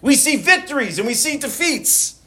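A man's voice: very high-pitched, big pitch swings, normal speed, bright, forceful tone. A male pastor preaching a sermon in a conversational way, often restarting and repeating words as he goes.

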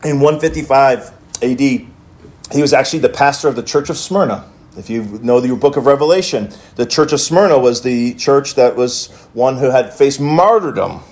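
A man's voice: mid-range voice, darkish tone. A male pastor telling a story in a sermon, with many restarts as he retells it.

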